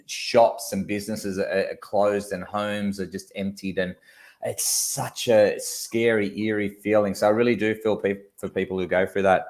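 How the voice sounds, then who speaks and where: A man's voice: fairly low pitch, fairly even intonation, normal speed, darkish tone. An Australian man co-hosting a casual livestream chat, reading out viewer comments. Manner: chatty, reads viewer comments aloud. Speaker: co-host.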